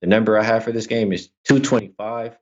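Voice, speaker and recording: Low-voiced man on dull remote audio. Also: fairly even intonation, darkish tone. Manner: casual, a little halting. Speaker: sports handicapper panelist. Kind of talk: betting pick analysis.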